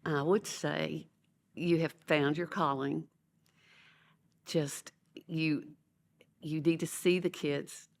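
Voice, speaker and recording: An older woman with a drawl tells classroom stories with real animation. She slips into the voices of the people she quotes, and her voice sits low for a woman. It is a relaxed, conversational podcast interview. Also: slow, vocal fry, pauses often. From Louisiana, USA. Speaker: educator and author, guest. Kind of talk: conversational storytelling.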